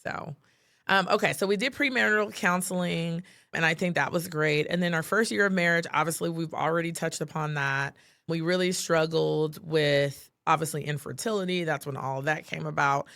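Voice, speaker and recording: A woman's voice: sits low, moderate pace, gravelly, fairly bright tone, no echo, clean studio sound. A woman co-hosting a podcast, telling personal stories in a chatty, heartfelt way, full of "like" and "you know". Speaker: podcast co-host. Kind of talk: casual podcast chat.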